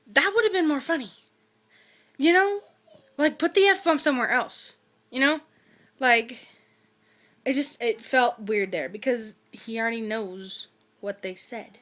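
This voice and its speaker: A woman's voice: high-pitched, a little slow, long pauses, sharp tone. A young woman vlogger giving a chatty, ranting movie review, full of fillers and asides. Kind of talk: casual movie review rant.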